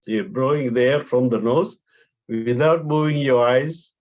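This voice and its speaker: A man teaching a therapy class, giving calm step-by-step instructions for breathing exercises and pressure points. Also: medium pitch, measured pace, muffled recording. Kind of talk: guided breathing and acupressure class.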